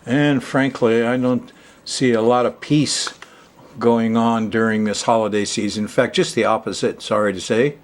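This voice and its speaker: A man's voice: medium pitch, steady tone, moderate pace. Chuckling, rambling male astrology host. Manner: chuckling, chatty, rambling asides. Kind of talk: casual monologue to camera. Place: Hawaii.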